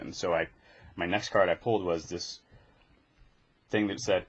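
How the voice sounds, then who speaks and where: A man with a low, husky voice talks eagerly on a podcast, clearly excited about his hobby. The sound is dull and lo-fi, with a slightly muffled top end. He chats casually, in a storytelling way. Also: normal speed, pauses often. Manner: enthusiastic, geeky storytelling. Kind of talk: casual chat.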